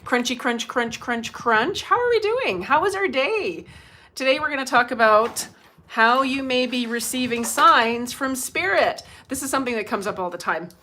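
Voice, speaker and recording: A woman's voice: high voice, lively intonation, moderate pace, pushed and bright, slight background noise. Chatty, laughing woman hosting a livestream. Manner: chatty, laughs often, greets viewers by name. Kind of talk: casual livestream chat. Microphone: phone.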